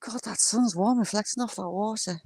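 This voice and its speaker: A woman chatting casually on a walk by the water, filming on a handheld phone and cooing at ducks in a high sing-song voice. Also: normal speed, darkish tone, dry recording. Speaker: vlogger. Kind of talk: casual walking vlog. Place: outdoors by water.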